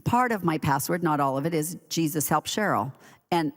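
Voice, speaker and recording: A woman's voice: low-pitched, lively intonation, normal speed, long reverb tail. A woman giving a conversational sermon in a church, telling stories chattily with laughing asides. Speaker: church leader preaching. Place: church sanctuary.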